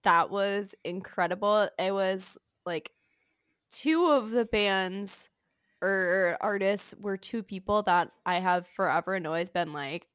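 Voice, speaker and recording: A woman's voice: medium pitch, slow, fairly bright tone, smooth, no room sound, studio quality. A young adult woman co-hosting a podcast in casual chat, upbeat and encouraging, often giggling. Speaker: podcast co-host.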